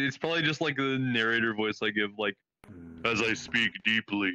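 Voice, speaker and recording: Bright-voiced man rambling in voice chat. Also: lowish voice, normal speed. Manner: rambling, laughs often, many restarts. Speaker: streamer exploring a virtual world. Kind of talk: casual chat. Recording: slightly dull lo-fi voice chat.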